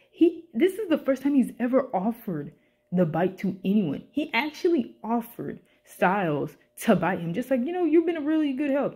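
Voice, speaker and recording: A young woman doing a casual, animated rant review, swearing often and sounding exasperated. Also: on the low side, husky. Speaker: YouTube reviewer.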